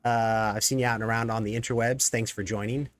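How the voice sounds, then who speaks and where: A man hosting a casual live stream, his voice sitting at a middle pitch. He rambles and jokes, piling up fillers and side stories as he talks to the chat. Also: fairly even intonation, quick pace, a little hiss or hum. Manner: rambling, jokey, many fillers. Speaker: executive producer and stream host.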